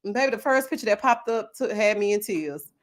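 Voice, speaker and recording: A woman hosting a casual live chat, animated and laughing often, drawling endearments like "baby" and "child". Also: medium pitch, a little fast. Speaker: livestream host.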